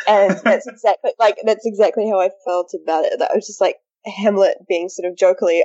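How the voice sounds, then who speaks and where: A woman with a soft, mellow voice chats on a podcast panel, rambling with fillers and laughing easily. The audio is muffled and lo-fi. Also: medium pitch, fairly even intonation, fairly quick. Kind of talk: casual discussion.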